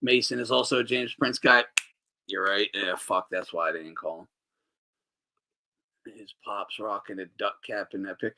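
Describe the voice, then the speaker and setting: A man's voice: fairly low pitch, moderate pace, long pauses. A man hosting a boxing talk show, giving casual, profane, mocking commentary and answering his chat. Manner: animated, swearing, mocking, reading chat aloud.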